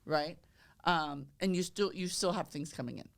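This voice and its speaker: A woman, a real estate agent chatting on a podcast, loud and energetic, acting out both sides of her phone calls. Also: sits low, moderate pace, creaky. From the Bronx, New York. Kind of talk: casual podcast chat.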